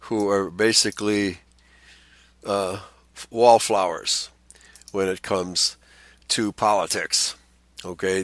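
A man's voice: mid-range voice, a bit bright, no room sound. Man reading aloud with blunt asides. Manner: reads out text, then breaks in with blunt asides. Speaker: pastor. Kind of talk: reading an article aloud with commentary.

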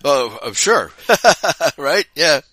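A man co-hosting a talk show in casual, chatty conversation, chiming in with quick affirmations and chuckles. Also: a little high, very animated, bright, forceful tone, breathy edge, no echo. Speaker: podcast co-host. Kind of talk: casual chat.

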